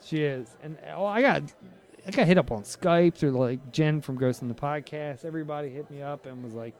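A man's voice: fairly high pitch, fairly quick, a little mellow. A man in his thirties co-hosting a podcast, casual and teasing, jumping between topics. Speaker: podcast co-host. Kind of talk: casual chat.

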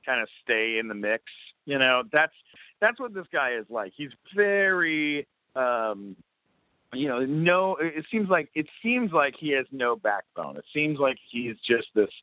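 A man guesting on a casual phone interview, rambling and excitable, with lots of restarts. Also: medium pitch, measured pace, dry recording. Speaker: guest voice actor and comedian. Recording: tinny phone line, dry.

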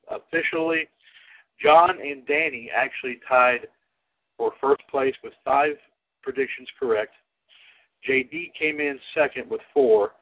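A man hosts a casual radio chat in a mid-pitched voice. He rambles and restarts his sentences often. The sound is dull and lo-fi, like an internet radio stream. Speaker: podcast host.

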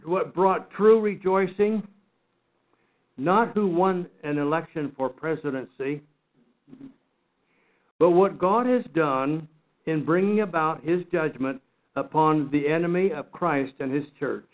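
A man with a high voice teaches a Bible study lesson, pressing his points earnestly and doubling back on his words as he goes. His voice comes through a narrow, phone-like line. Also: slow, pauses often. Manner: earnest, emphatic, repeats and restarts words.

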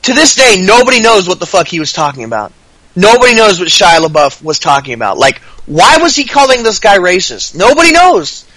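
A man's voice: sits high, sing-song, a little fast, bright, forceful tone, dry recording, low-quality recording. A man co-hosting a podcast, telling stories in a rambling, laughing way with plenty of swearing. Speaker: podcast co-host. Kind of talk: casual podcast chat.

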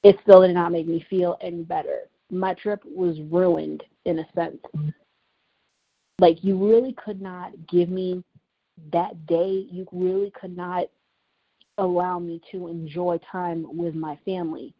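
A podcast host and writer tells a painful story about herself, earnest and emotional, restating things for emphasis. Her voice sits on the low side, with a steady tone and measured delivery, heard through a dull lo-fi recording.

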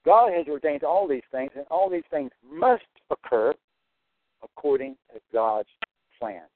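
A man's voice: mid-range voice, no echo. A man delivering an earnest, repetitive preaching monologue, stressing his points over and over. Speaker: Christian prophecy broadcaster. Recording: tinny phone-like line, dry.

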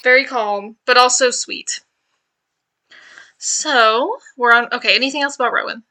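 A woman podcast co-host chats casually, laughing often as she hops from one topic to the next. Her voice is very bright and sits a little high. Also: measured pace. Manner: chatty, laughs often, jumps between topics. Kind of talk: casual chat.

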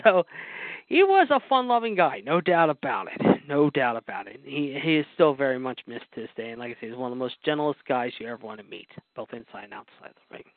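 A man recounts wrestling history on his podcast, talking quickly at medium pitch with hardly any pauses. His casual, rambling stories are full of fillers and repeated asides. There's no echo, and the recording is dry, with a narrow, phone-like quality.

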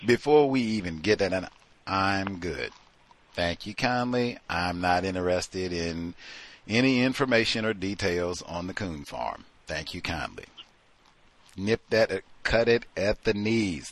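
A man with a somewhat low-pitched voice hosts a talk program and comments on stories in a loose, conversational style. He is emphatic and often incredulous. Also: fairly bright tone. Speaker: host. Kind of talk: casual commentary on listener stories.

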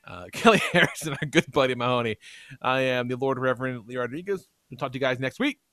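Man, podcast host, casual chat, swears a lot, excitable, bright voice. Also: medium pitch, quick pace, no room sound. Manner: swears freely, loose and excitable.

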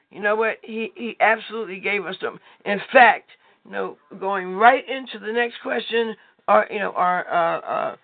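High, gravelly man preaching over a phone line. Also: dry recording. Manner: rambling, heavy with "you know what" fillers. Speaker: prayer call leader. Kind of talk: informal preaching on a conference call. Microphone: telephone.

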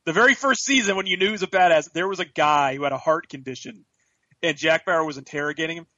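Animated swearing man retelling scenes. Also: a little high, fast, no echo, highs cut off. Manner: animated storyteller, swears, acts out quotes. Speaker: podcast co-host. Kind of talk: casual chat.

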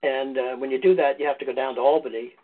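Over a tinny phone line, a man appearing as a podcast guest, a foundation founder, rambles casually through a personal story. He talks fast in a husky, mid-range voice with fairly even intonation.

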